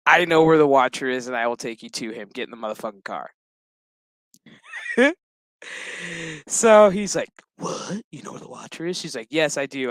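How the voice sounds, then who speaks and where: A man's voice: mid-range voice, fairly bright tone, clean tone, no room sound, rough recording. A man casually retelling a TV episode, crude and joking, chuckling as he acts out the characters' lines. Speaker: show recap host. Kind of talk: casual profane episode recap.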